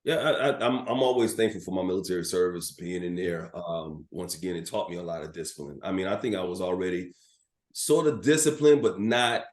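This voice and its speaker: A middle-aged man, a sports broadcaster guesting on a podcast, telling animated anecdotes with plenty of filler words. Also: deep voice, fairly quick. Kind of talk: storytelling in a podcast interview. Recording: roomy echo.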